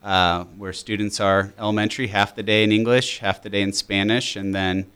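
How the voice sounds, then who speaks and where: A man's voice: lowish voice, flat delivery, normal speed, fairly bright tone, clear, resonant tone. A man, a teacher and program coordinator, explaining his school program as a radio guest, with many fillers.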